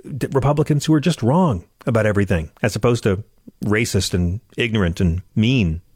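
A man's voice: fairly low pitch, brisk, a little mellow, slightly rough, no room sound, clean studio sound. A man hosting a comedic political monologue, sarcastic and ranting, stammering as he gets worked up. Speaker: show host.

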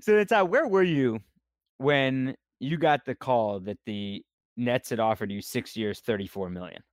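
A man's voice: mid-range voice, measured pace, no room sound. Male interviewer with a dry, close sound. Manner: brief questions, laughs along.

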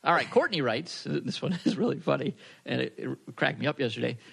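A man's voice: mid-range voice, animated, a little fast, gravelly, fairly bright tone, breathy edge. A man co-hosting a podcast in casual chat, reading listener posts aloud and joking at his own expense. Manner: joking, self-deprecating. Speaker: podcast co-host.

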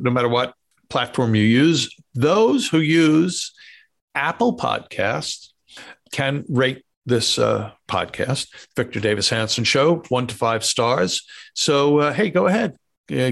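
A man co-hosting a podcast, chatting and signing off the show in a friendly, halting way. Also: medium pitch, lively intonation, gravelly, fairly bright tone. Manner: friendly, hesitant with fillers. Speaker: podcast co-host. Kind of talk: casual chat, show sign-off.

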